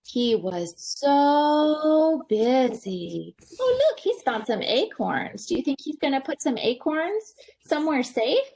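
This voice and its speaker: Lively woman reading a picture book. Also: high-pitched, normal speed, low-quality recording. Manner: animated, gasping, asks children questions. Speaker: parent educator. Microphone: video call.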